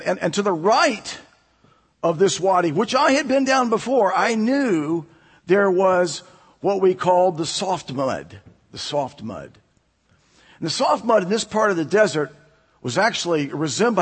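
Male preacher, high husky voice, storytelling sermon, church hall reverb. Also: a little slow, long pauses. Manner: storytelling, animated, laughs often.

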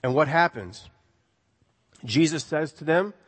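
A man's voice: on the high side, lively intonation, moderate pace, in a large hall. A male preacher giving a sermon, telling a story in a conversational way with rhetorical questions.

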